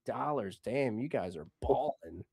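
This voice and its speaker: A man's voice: mid-range voice, lively intonation, gravelly, darkish tone, husky. An American man co-hosting a podcast, joking around in crude, casual banter. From United States. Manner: joking, crude, drawn-out delivery. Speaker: podcast host.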